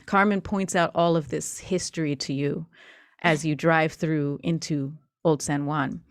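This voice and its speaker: A woman's voice: low voice, steady tone, a little slow, no echo, clean studio sound. A woman game master narrating a tabletop horror game in a chatty, descriptive way with plenty of fillers.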